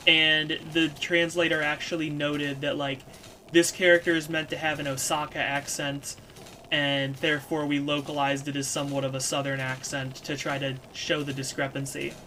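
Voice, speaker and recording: A woman's voice: low-pitched, level tone, moderate pace, pushed and bright, slight background noise, low-quality recording. A woman streamer who reads a story game aloud and breaks off into casual, chatty asides. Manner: casual, chatty, with fillers between reading.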